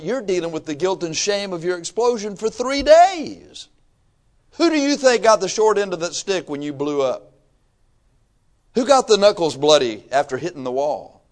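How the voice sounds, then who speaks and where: A man preaching a sermon emphatically, swinging from low asides to shouted exhortation, reading scripture aloud and acting out his listeners' excuses.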